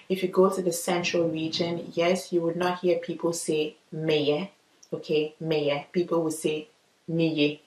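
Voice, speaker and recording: A woman's voice: on the low side, echoey room, poor audio. A woman casually explaining how words are said, chatty and checking in with "okay.".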